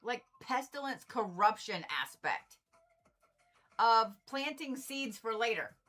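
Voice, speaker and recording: A woman doing a casual livestream card reading, blunt and animated, swearing freely and repeating herself for emphasis. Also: fairly high pitch, slow pace. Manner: animated, exasperated asides. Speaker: Reiki and zodiac card reader.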